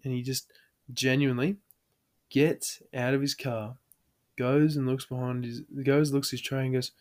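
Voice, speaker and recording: A man's voice: mid-range voice, flat delivery, normal speed, a little mellow. A man with an Australian accent hosting a podcast, telling a story in a casual way, laughing often and swearing freely. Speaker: podcast host.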